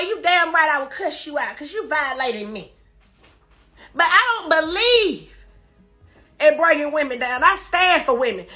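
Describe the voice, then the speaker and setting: A woman's voice: very high-pitched, sharp tone. A woman crying as she rants on a live stream, repeating emphatic, defensive denials. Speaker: social media personality on a live stream. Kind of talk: emotional livestream rant.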